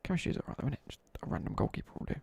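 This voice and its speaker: A man's voice: racing, a little mellow. A young man chatting casually as a streamer, telling a rambling story with asides while he plays a game. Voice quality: gravelly, husky. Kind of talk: casual chat while gaming.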